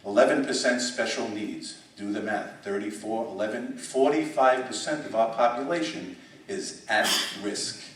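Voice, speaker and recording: A man's voice: medium pitch, normal speed, a bit bright, slight background noise. A middle-aged man from the United States, a school superintendent giving an emphatic conference speech with repeats and restarts, in a conference room. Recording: echoey hall, speaker far from mic.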